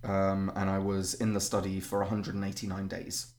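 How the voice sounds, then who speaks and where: A man's voice: low-pitched, completely flat delivery, normal speed, a little mellow. A man co-hosting a podcast, chatting casually with dry humor and a few hesitations. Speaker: podcast co-host. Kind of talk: casual chat.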